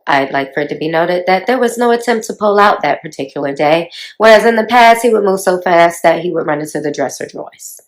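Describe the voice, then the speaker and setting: A woman's voice: low voice, low-quality recording. A woman in her forties telling her life story to her viewers in a chatty, confiding way, often talking straight to them. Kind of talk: casual storytelling to camera.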